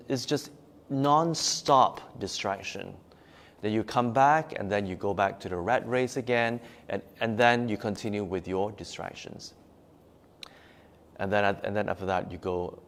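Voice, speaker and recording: Emphatic man with a lowish voice teaching meditation. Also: a little slow, a bit bright. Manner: emphatic, repeats key words for stress; reads viewers' comments aloud and replies. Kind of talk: live-streamed teaching talk after meditation. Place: meditation room at a forest retreat.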